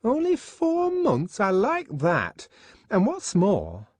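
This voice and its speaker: A man reading an audiobook, voicing a prim, gossiping young woman who scolds in a shrill, sing-song way. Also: wildly swooping pitch, measured pace, dark tone, breathy edge, no echo, full character voice. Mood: scolding.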